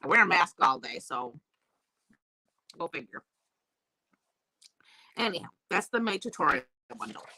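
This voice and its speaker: A woman's voice: fairly low pitch, very animated, unhurried, long pauses, pushed and bright, no echo. A woman with a sore throat and crackly voice, chatting casually as she hosts a live stamping class and greets viewers by name. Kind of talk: live-streamed craft class chat. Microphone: new desk mic.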